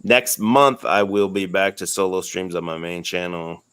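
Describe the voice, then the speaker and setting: A man's voice: sits low, little pitch movement, moderate pace, a bit bright, clear, resonant tone, dry recording. A man hosting a stream, chatting casually and laid-back, trailing off as he signs off, on a close desk mic. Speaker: stream host. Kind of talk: casual stream sign-off chat.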